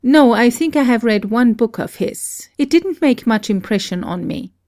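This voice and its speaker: A woman reading the lines of a serious, reserved male novelist in a measured, dry way, close to her own voice. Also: fairly high pitch, lively intonation, darkish tone, no echo, natural voice. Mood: mildly surprised.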